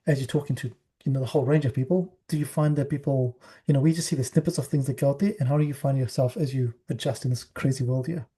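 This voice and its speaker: A man's voice: mid-range voice, fairly even intonation, fast talker, hardly any pauses, dark tone, breathy edge. A man hosting an interview, asking long questions in a stumbling way with repeated words. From New Zealand. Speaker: podcast host.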